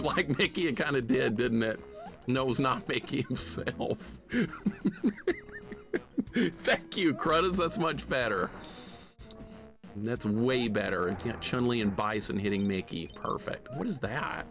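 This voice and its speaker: A man live-streaming a retro game, excitable and jokingly grumpy as he rants at his chat. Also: mid-range voice. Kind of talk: casual live-stream commentary.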